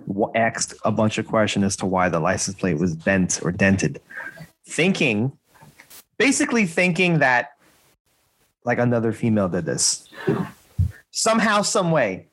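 A man in a casual podcast chat, recounting a past relationship in halting speech full of restarts. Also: fairly low pitch, big pitch swings, fairly bright tone, breathy edge. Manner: halting, many restarts and likes.

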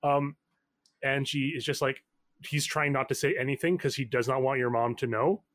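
A man's voice: medium pitch, fairly even intonation, normal speed, a bit bright. A man narrating as game master in a loose style with many fillers. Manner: loose, filler-heavy, laughs often.

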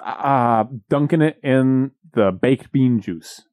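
A man's voice: medium pitch, slow, a little mellow, no room sound, studio quality. A young man co-hosting a podcast in casual chat, wry and teasing, laughing easily. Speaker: podcast co-host.

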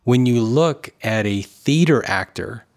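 A man's voice: medium pitch, lively intonation, measured pace. A man co-hosting a casual talk show, opinionated and talkative, often acting out other people's lines. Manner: opinionated, talkative, acts out quotes. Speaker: podcast co-host. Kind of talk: casual chat.

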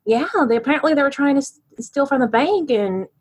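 A woman's voice: sits high, fairly quick, pitched above the performer's own voice, lightly acted. A woman voicing a chatty clerk at a police station front desk, rambling with lots of fillers. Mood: gossipy.

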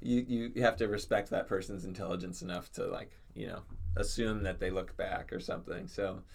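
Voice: sits low, steady tone, fairly quick, vocal fry. A guest on a casual podcast, talking in an easygoing, thoughtful way with many "you know"s. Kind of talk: casual chat.

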